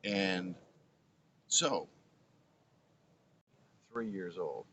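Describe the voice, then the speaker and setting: Very slowly, with a deep, fairly bright voice and lively intonation, the Brooklyn native in his seventies shares his story as an interview guest. The former radio broadcaster is earnest and reflective, restarting phrases often, over slight background noise.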